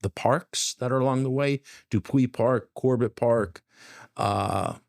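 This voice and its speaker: A middle-aged man, a guest athlete, speaking in a measured, self-deprecating way. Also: mid-range voice, creaky, no echo, studio quality. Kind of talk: casual interview talk.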